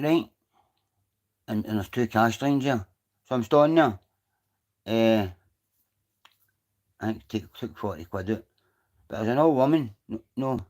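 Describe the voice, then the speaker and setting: A man's voice: mid-range voice, darkish tone. Chatty Scottish man rambling on a livestream. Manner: rambling, chatty, swears freely. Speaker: livestream host. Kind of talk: casual livestream chat. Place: outdoors.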